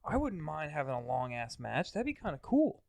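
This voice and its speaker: Casting: young male co-host, gravelly voice, dry sound, laid-back casual gaming talk. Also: fairly high pitch, huge pitch swings, a little fast, a little mellow, no room sound. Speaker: podcast co-host.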